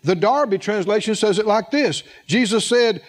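A man's voice: high voice, normal speed, hardly any pauses. A man preaching a sermon, asking the congregation questions and repeating words for emphasis.

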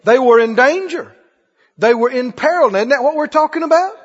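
A man's voice: very high voice, animated, moderate pace, breathy edge, long reverb tail, lo-fi sound. A man preaching a sermon, firing repeated questions at his congregation. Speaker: pastor.

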